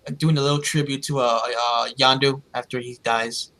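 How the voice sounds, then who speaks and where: A man's voice: medium pitch, steady tone, moderate pace, bright, forceful tone, poor audio. A man co-hosting a podcast, casually retelling movie scenes with many fillers. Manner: rambling, filler-heavy retelling. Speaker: podcast co-host.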